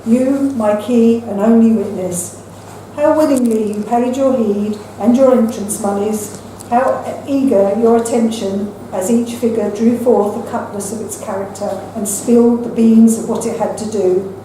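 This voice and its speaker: An older woman reading her own poems at an open mic in a measured, recited way, with brief chatty asides between them. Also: fairly high pitch, fairly even intonation, dark tone, a little hiss or hum. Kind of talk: poetry reading. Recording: echoey room from far off with faint ambience.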